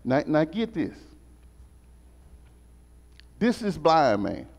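A man teaching a Sunday school lesson as a sermon, animated and repetitive in a call-and-response style. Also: a little high, very slow, vocal fry. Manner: animated, call-and-response preaching, repeats phrases. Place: church sanctuary. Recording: muffled sound in a reverberant church.

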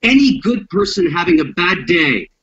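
A man's voice: very high voice, huge pitch swings, moderate pace, a bit bright. A man speaking as a self-defense instructor in an interview, blunt and profane, acting out street confrontations as he explains violence. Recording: dull lo-fi audio.

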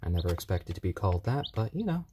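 A man chatting on a live stream in a calm, soothing way, often talking gently to baby chicks. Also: low voice, fast, noisy background. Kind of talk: casual live-stream chat. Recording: chirping baby chicks behind.

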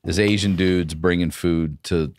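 A man from Baltimore, a comedian guest on a podcast, who tells stories in a lively way and acts out the people in them. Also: sits low, unhurried. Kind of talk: casual comedic storytelling.

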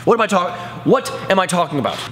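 Goofy, animated young guy. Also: high voice, fast talker, a little hiss or hum. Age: young adult. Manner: goofy, rambling, tripping over words. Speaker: YouTuber. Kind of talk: casual vlog bloopers.

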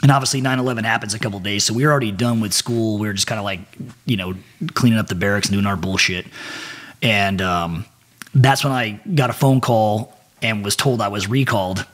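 A middle-aged man, a former Marine and SEAL, telling profane, animated stories as a podcast guest and acting out what others said. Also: fairly low pitch, fairly quick. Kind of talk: casual storytelling.

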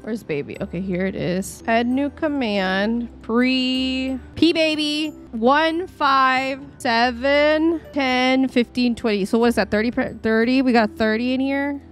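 A young woman with a fairly high voice rambles through casual live-stream commentary, reacting aloud to her game and chatting with viewers. Faint music plays underneath. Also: a little slow, few pauses.

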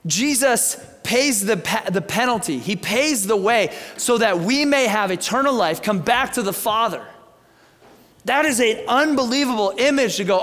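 A man's voice: high-pitched, animated, normal speed, a bit bright. A man preaching a sermon as pastor, telling the story animatedly with casual conversational asides. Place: church sanctuary. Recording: long church reverb.

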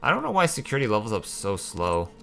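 A young man giving casual, excitable commentary over a video game, venting his frustration and swearing. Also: fairly low pitch, fast talker, gravelly. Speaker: gaming channel host.

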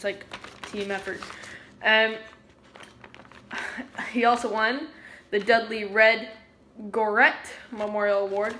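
A woman's voice: medium pitch, fairly bright tone, slight background noise. A woman giving a casual fan presentation as a vlogger, chatty and digressive, stopping often to explain terms. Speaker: vlogger presenting a hockey player.

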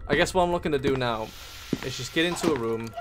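A man's voice: medium pitch, quick pace. A man streaming a horror game, talking casually to viewers, swearing a lot and breaking into panicked yelps and repeated pleas. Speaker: gaming streamer. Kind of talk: casual gameplay commentary. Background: loud game music.

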